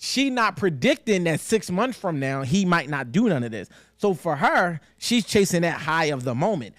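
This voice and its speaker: A man's voice: a little high, normal speed, dry recording, studio quality. A young man hosting a casual podcast, talking in a loose, slangy way and acting out the people he quotes. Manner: animated, slangy, acts out quotes. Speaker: podcast host.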